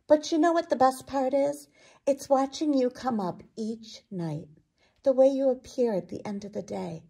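A woman's voice: sits high, moderate pace, vocal fry, dark tone, breathy edge, voice pushed up, exaggerated voice. A woman voicing an earnest young boy in a picture book read-aloud, sincere and wistful.

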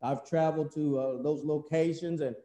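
An American man preaching a sermon in a church, telling the story in a folksy, animated way with many fillers. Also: fairly high pitch, moderate pace, roomy sound. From United States.

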